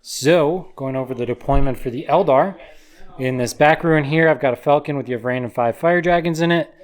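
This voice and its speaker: A man in a laid-back, easygoing manner walks through his army and where he placed it. He often pauses with fillers as he talks. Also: a little high. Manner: laid-back, filler-heavy, explains deployment. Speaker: co-host player. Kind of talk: casual battle report talk.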